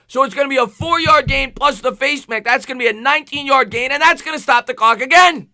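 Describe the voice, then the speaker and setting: Ny guy doing live football play by play on stream, bright sharp voice, gets hyped, rhymes his calls. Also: very high-pitched, moderate pace, few pauses, no echo, clean studio sound. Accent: New York. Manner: excitable, rhyming calls, thanks chat viewers. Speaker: sports streamer.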